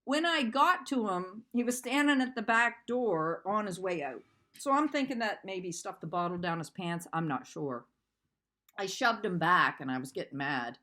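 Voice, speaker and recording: A woman's voice: medium pitch, lively intonation, moderate pace, sharp tone. A woman in her fifties venting in a vlog, upset and telling a rambling, profane story. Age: 50s. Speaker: vlogger. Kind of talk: emotional personal venting.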